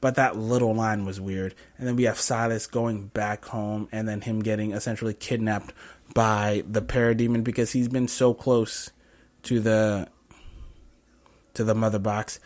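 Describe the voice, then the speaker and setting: A man's voice: fairly low pitch, flat delivery, normal speed, a little mellow. A young man casually reviewing a film scene by scene, rambling with lots of fillers and self-corrections. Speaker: podcast host reviewing a film.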